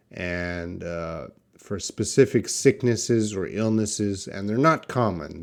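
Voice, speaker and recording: A man teaching English pronunciation in a live online class, drawing out words slowly and answering questions from the chat. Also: fairly low pitch, darkish tone. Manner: slow, drawn-out word repetition for learners.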